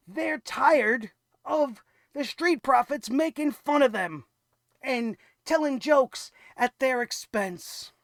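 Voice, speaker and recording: A wrestling show reviewer ranting sarcastically, swearing and now and then bursting into shouts. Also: medium pitch, no echo, clean studio sound.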